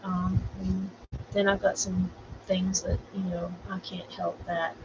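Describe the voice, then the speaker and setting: A middle-aged woman from Florida, USA, speaks slowly in a low, level, creaky voice on a casual livestream, sharing her grief as a vlogger. She is earnest and rambling, offering preachy encouragement to viewers. The audio, from a borrowed camera, is slightly dull with faint noise.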